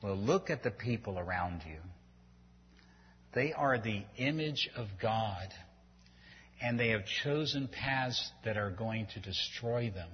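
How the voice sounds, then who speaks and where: Taking it slowly, the pastor delivers an animated sermon in a husky voice on the low side, earnest and pleading as he rises to emphatic points. The sound is dull and lo-fi, with long hall echo.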